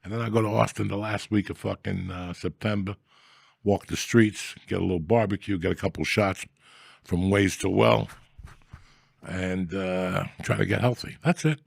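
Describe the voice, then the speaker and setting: Man, comedy podcast host, low gravelly voice, crude rambling banter, dry close sound. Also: fairly even intonation, normal speed, no room sound. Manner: profane, rambling storyteller.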